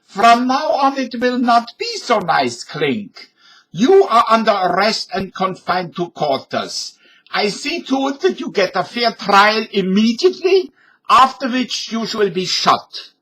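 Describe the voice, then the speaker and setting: Brief: a man doing a barking German general in German-accented English, loud, commanding, husky. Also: high voice, very animated, measured pace, pitched above the performer's own voice, exaggerated voice. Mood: menacing. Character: stern German male general, commanding and menacing. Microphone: webcam.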